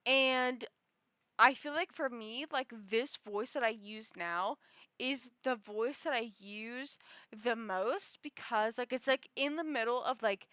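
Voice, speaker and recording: Woman streamer, casual chat, bright and crisp, meandering delivery with a restless shifting pitch. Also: slow pace, no echo. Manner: rambling, filler-heavy, shifts her pitch often.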